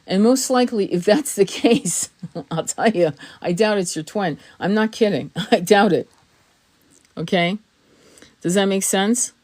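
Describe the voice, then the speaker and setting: A woman's voice: medium pitch, a little slow, a little mellow. A middle-aged woman giving a spiritual tarot reading to camera, blunt and emphatic, swearing freely and laughing often as she talks. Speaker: tarot reader. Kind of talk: casual spoken reading to camera.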